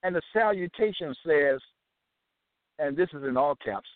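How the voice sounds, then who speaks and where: A man reading aloud from his own book and explaining scripture, deliberate, spelling words out and quoting old biblical wording. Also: a little high, no echo. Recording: dry phone-line sound.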